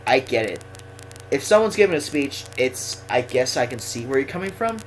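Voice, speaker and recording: A man's voice: medium pitch, lively intonation, moderate pace, a bit bright, slight background noise, rough recording. A young man telling rambling, self-deprecating stories casually while playing a game. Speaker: gaming vlogger. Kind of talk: casual storytelling over gameplay.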